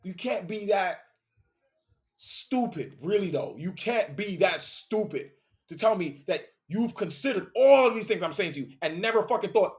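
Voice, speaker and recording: A man's voice: sits high, animated, normal speed. Profane, confrontational man ranting. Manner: preachy, profane, confrontational, repeats phrases for emphasis. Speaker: host. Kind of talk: profane motivational monologue.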